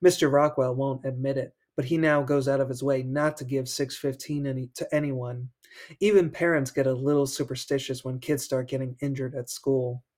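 Podcast guy reading a spooky kids book out loud, medium voice, cracks jokes n laughs. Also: medium pitch, flat delivery, normal speed. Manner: playful, laughs between passages. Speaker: podcast host. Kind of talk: reading a horror book aloud with joking asides.

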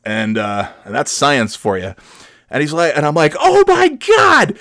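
A man's voice: mid-range voice, expressive, normal speed, a bit bright, no echo, clean studio sound. A middle-aged man hosting a podcast, telling a comic story in a rambling, self-mocking way that drops into mumbles. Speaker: podcast host.

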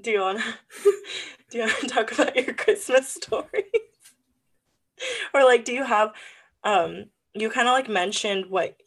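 A young adult woman co-hosting a podcast, telling a story in a casual, animated way and acting out the people in it, with many "like" fillers. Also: fairly high pitch, a little slow, long pauses. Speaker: podcast co-host.

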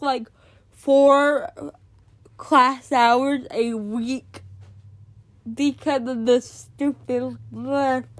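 A woman hosting a podcast, telling a personal story in casual talk, exasperated and swearing now and then. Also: high voice. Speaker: podcast host.

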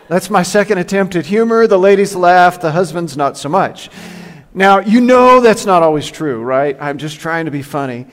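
A male pastor preaches in a high, lively voice, playing up jokes and brief impressions. His words ring out with a long reverb in a church sanctuary. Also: moderate pace. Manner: joking, animated, slips into impressions. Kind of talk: sermon.

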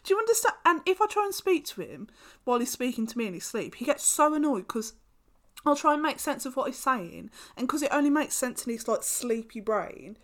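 Female podcast co-host, blunt and teasing, high bright voice that jumps around. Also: sing-song, a little fast. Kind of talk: casual chat.

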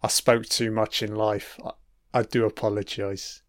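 A man's voice: fairly low pitch, flat delivery, unhurried, no echo, studio quality. A man giving a profane, sarcastic ranting commentary while watching a TV episode.

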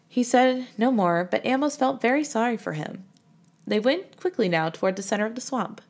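A woman reading a children's storybook aloud with an expressive delivery. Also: a little high, moderate pace. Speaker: reader.

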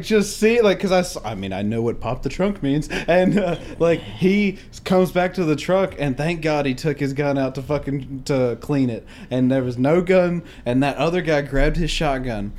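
A man's voice: on the high side, normal speed, hardly any pauses, darkish tone. A man telling a rambling, profane family story in a casual podcast chat, often laughing. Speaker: podcast co-host.

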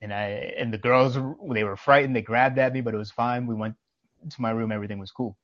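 A man's voice: medium pitch, fairly even intonation, fairly quick, fairly bright tone, dry recording, dull audio. A man co-hosting a casual podcast, telling anecdotes with emphatic, preachy conviction. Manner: emphatic, preachy, tells anecdotes with quoted dialogue. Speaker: podcast co-host.

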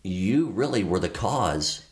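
A middle-aged man, a podcast guest, telling a personal story in a candid, earnest way, halting often with fillers and restarts. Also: deep voice, sing-song.

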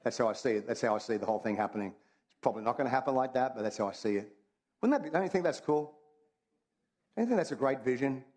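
A man delivering a sermon in an easygoing, conversational way. He jokes with the congregation and repeats key lines over and over for emphasis, his voice sitting in an ordinary middle pitch. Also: lively intonation, fast talker, darkish tone. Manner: conversational and humorous, repeats phrases. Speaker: pastor.

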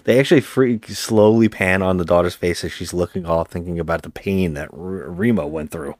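Low-voiced man rambling through a movie recap. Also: a little fast, darkish tone, no echo, clean studio sound. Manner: rambling plot retelling with restarts. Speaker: podcast co-host. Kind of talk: casual movie recap chat.

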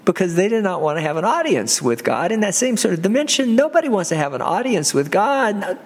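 A man teaching on scripture in a podcast sermon, reading slowly and deliberately with frequent chuckles. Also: high-pitched, big pitch swings, in a large hall.

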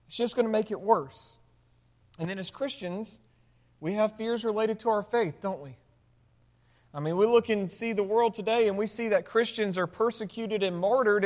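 A pastor preaching in a church with a long, ringing echo, the voice sitting in a middle pitch. The sermon leans on rhetorical questions to the congregation and dry, sarcastic asides. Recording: long hall reverb.

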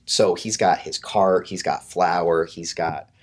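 A man's voice: low voice, slow. A man, a fitness coach, casually telling a story as a podcast guest, swearing freely and acting out other people's lines. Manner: animated, profane, acts out quotes in hushed voices.

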